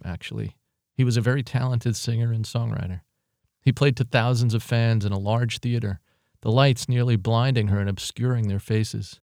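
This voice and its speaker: A man narrating a story in a steady, measured reading. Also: lowish voice, gravelly, dry recording, studio quality. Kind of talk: audiobook narration.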